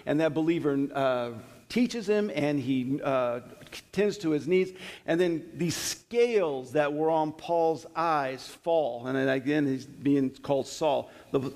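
Male preacher, slightly higher voice, relaxed conversational sermon, reads verses and acts out the stories. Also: in a large hall. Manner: conversational teaching with scripture readings and acted retellings.

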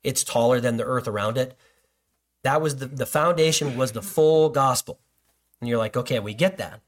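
A man's voice: mid-range voice, normal speed. A man preaching a sermon in a conversational way, acting out listeners' doubts as he goes. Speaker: pastor.

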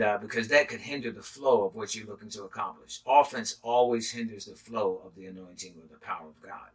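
A man, a pastor, teaching a sermon in a halting way with many filler sounds. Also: mid-range voice, breathy edge, far from the mic, poor audio.

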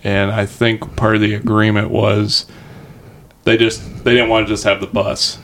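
Low-voiced man sharing film trivia. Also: monotone, measured pace, a bit bright. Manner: explanatory, trivia-minded. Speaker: guest. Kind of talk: casual podcast chat.

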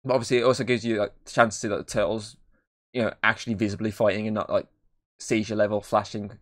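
Young male film reviewer, slightly low voice, rambling, casual, swears a lot. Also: flat delivery, quick pace, fairly bright tone. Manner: rambling, lots of fillers and swearing. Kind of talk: casual podcast chat.

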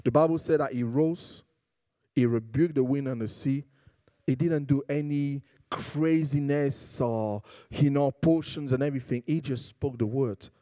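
A man's voice: mid-range voice, measured pace, warm tone, no echo. A man preaching a sermon in a conversational way, building to emphatic, rising passages.

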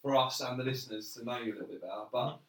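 A man's voice: mid-range voice, very fast. A man co-hosting a podcast, easygoing and joking. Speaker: podcast co-host. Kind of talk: casual chat. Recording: roomy sound, distant mic.

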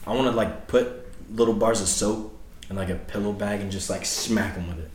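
A man's voice: fairly low pitch, steady tone, fairly quick. A teenage boy co-hosting a casual podcast chat, crude and laughing a lot. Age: teens. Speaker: podcast co-host. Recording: echoey room, loud noise.

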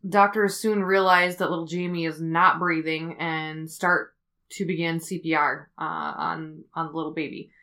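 A woman hosting a podcast, telling a story in a casual, rambling way with many fillers as she thinks out loud. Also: low voice, little pitch movement, moderate pace. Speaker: podcast host.

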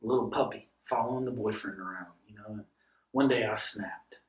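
Animated male storyteller in a roomy space. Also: fairly low pitch, a little fast. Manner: animated storyteller who acts out dialogue. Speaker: guest pastor. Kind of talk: podcast conversation, storytelling. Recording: roomy sound from a distant mic.

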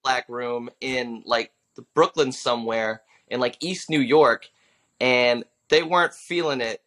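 A man in his thirties, a stand-up comedian telling stories in a casual interview, animated and slipping into quick character voices. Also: mid-range voice. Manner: animated storyteller who slips into character voices for quotes.

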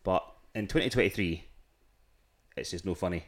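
A Scottish man with a somewhat low voice chats casually on his podcast. He rambles through stories, often restarting his sentences. His delivery is loose and conversational. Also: normal speed. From Scotland. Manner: rambling storytelling with frequent restarts and laughs. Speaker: podcast co-host. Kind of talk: casual chat.

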